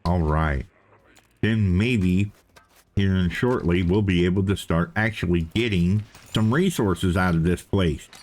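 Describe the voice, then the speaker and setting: A man's voice: deep voice, measured pace, darkish tone. A man giving casual, chatty commentary as he plays a game, thinking aloud and repeating himself. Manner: playful self-talk. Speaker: let's play host.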